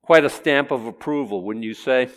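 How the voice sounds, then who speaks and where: A man's voice: medium pitch, moderate pace. A man preaching a conversational Bible lesson, asking his listeners questions and acting out the quotes he reads. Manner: chatty, asks the audience questions, acts out quotes.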